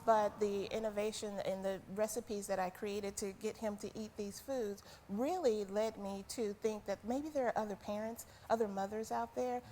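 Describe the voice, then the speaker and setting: A woman's voice: medium pitch, fairly even intonation, normal speed, few pauses, dark tone, slight background noise. A woman guest on a talk show, earnestly explaining her cooking and giving practical advice. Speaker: guest, food business owner.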